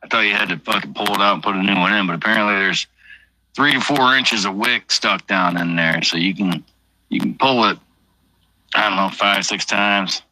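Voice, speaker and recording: Solo livestreamer, rambling and crude, fairly low voice with a bright, cutting edge. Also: male voice, moderate pace, no room sound, low-quality recording. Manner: rambling, heavy swearing, offhand. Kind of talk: casual late-night livestream chat while drinking.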